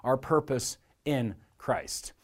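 A man's voice: mid-range voice, slow. A man preaching a sermon in a church in a conversational way, acting out the voices in the stories he tells. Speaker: pastor.

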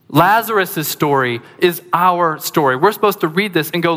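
Man, pastor, conversational sermon, lively asides, bright voice, long hall echo. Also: fairly high pitch, moderate pace, hardly any pauses.

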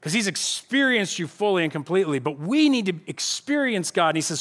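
Pastor, male, higher-pitched voice, laid-back slangy preaching, swings between loud and hushed. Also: fairly quick, few pauses. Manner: casual, conversational preaching with slang; animated, swings between loud emphasis and quiet. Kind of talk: sermon. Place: church.

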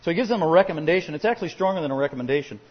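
A male pastor preaching a sermon, swinging from quiet asides to loud emphatic points. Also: a little high, animated, racing, slightly rough, long reverb tail, dull audio.

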